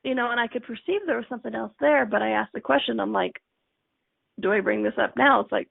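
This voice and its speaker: A woman's voice: fairly high pitch, quick pace, creaky, breathy edge, no echo, phone-quality sound. A woman coaching on a live stream, telling a client story in a chatty way and acting out the quotes. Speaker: life coach.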